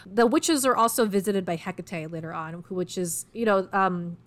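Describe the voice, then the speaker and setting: A woman's voice: medium pitch, moderate pace. A woman co-hosting a casual podcast about plays, talking chattily and explaining eagerly with many fillers. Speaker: podcast co-host. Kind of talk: casual chat about literature.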